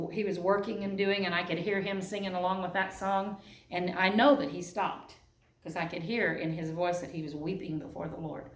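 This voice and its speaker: An earnest woman preaches in a church sanctuary. Her voice rings around the large echoey room and sounds a little distant from the microphone. She reads scripture in old-fashioned wording between plain talk. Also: medium pitch. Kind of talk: sermon.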